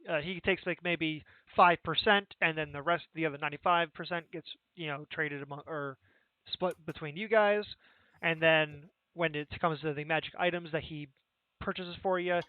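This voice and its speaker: A man running a tabletop game as game master, explaining in a relaxed, rambling way with many fillers. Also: on the high side, no room sound. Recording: tinny dry phone-like line.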